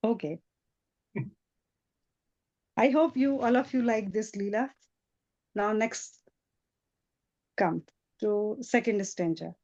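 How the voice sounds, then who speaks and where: A woman giving a devotional lecture, retelling a sacred story in an animated storytelling manner. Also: medium pitch, takes it slowly, long pauses, muffled recording. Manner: animated storytelling with frequent restarts. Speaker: spiritual lecturer.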